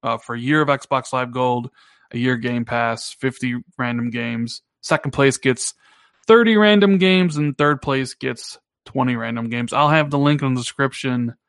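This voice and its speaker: A man co-hosting a gaming podcast, talking in a casual, teasing way and jumping up in pitch when he jokes. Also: normal speed, vocal fry, clear, resonant tone, no room sound, studio quality. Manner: animated, teasing, pitch jumps up when joking. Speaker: podcast co-host.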